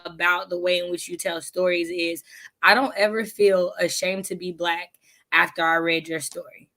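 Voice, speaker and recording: Bright animated woman hosting a book chat. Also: lowish voice, normal speed. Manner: animated, laughing, acts out her own reactions. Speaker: readathon host. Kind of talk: casual video-call book chat.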